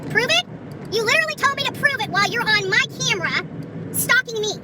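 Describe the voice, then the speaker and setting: Furious, taunting woman vlogger, very high voice, swearing freely; distant phone audio over heavy traffic. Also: lively intonation, fast talker. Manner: angry, taunting, heavy cursing. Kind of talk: confrontational live commentary. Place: in a car outdoors. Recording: distant phone mic with loud traffic noise. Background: traffic and car sounds.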